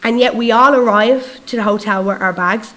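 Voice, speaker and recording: A woman's voice: on the high side, normal speed, poor audio. A woman with an Irish accent giving a storytelling sermon as a guest preacher, acting out dialogue and checking in with her listeners. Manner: lively, acts out dialogue in quoted voices; conversational, checks in with the audience.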